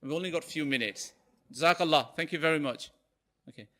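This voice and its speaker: A man's voice: fairly high pitch, a little fast, bright, forceful tone. A man giving a Friday sermon as a preacher, telling a story animatedly and often checking in with "okay?".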